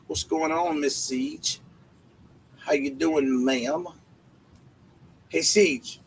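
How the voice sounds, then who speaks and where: A man's voice: fairly high pitch, extremely slow, pauses often, slight background noise, poor audio. A man hosting a casual livestream, greeting viewers by name in laid-back slang. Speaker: livestream host.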